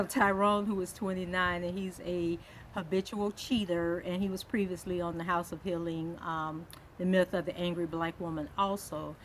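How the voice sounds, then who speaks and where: Woman vlogger with a slightly low voice doing a relaxed chatty TV recap, light background hiss. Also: normal speed, rough recording. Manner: conversational, many "um" fillers, reads quotes aloud. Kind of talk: casual recap commentary.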